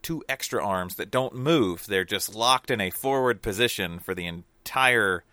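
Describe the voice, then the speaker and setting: A man's voice: lowish voice, expressive, unhurried, pushed and bright, no echo. A man in casual podcast chat, rambling with lots of fillers and restarts. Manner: rambling, hesitant, many fillers. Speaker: podcast co-host reviewing a film.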